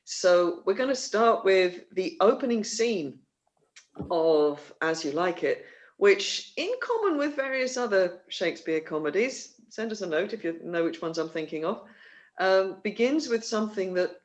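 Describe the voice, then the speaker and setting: A woman's voice: mid-range voice, animated, measured pace. A woman acting as book-holder and host, introducing scenes in a chatty, jokey, self-deprecating way on a video call from home. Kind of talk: casual live-stream introduction. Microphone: video call mic.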